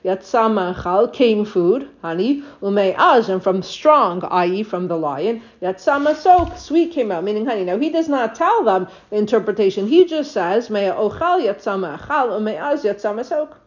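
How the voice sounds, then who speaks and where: A woman teaching a text study lesson, reading verses, translating them and retelling the story with expressive asides to her listeners. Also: mid-range voice, normal speed, hardly any pauses. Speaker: Bible teacher. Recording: dull lo-fi audio.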